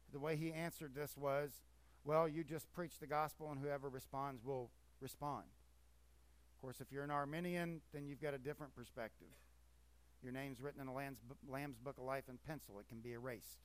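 A man preaching from the pulpit, pressing his points with emphatic, swelling force. His voice sits a bit above the usual pitch for a man. The sound is close and dry, with no room around it. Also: smooth, no echo. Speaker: pastor. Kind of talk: sermon.

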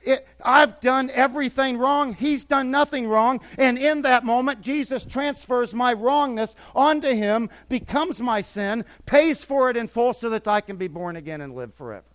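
Older guy pastor preaching, kinda high voice, goes soft then punchy. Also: moderate pace, few pauses. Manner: swings between quiet and emphatic, repeats words for effect. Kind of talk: sermon.

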